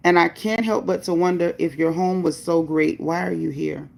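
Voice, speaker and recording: A woman's voice: on the low side, steady tone, normal speed, creaky, darkish tone. A woman hosting a livestream, reading viewer comments and speaking bluntly about her opinions and chat rules. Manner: greets viewers by name, upbeat bursts. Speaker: livestream host.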